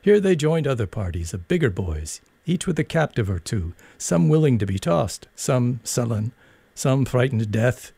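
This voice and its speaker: A man reading a story aloud in a measured, expressive narrating voice. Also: mid-range voice, creaky, breathy edge, dry recording.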